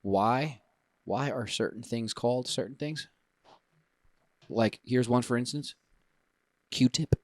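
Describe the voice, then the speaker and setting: A man co-hosting a casual podcast, an animated storyteller who jokes around. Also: medium pitch, slow, pauses often, dry recording, studio quality. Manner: animated storyteller, sings and beatboxes jokingly. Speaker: podcast co-host. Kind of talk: casual chat.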